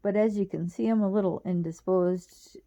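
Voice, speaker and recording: A woman's voice: medium pitch, fairly even intonation, normal speed, mellow, dull audio, natural voice. A woman reading the lines of a cocky young man in jail, in a wry, teasing tone.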